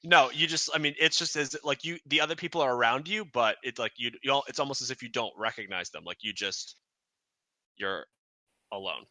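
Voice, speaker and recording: A man's voice: medium pitch, fairly quick, sharp tone, no echo. A man narrating as dungeon master in a tabletop game, rambling with many fillers and restarts.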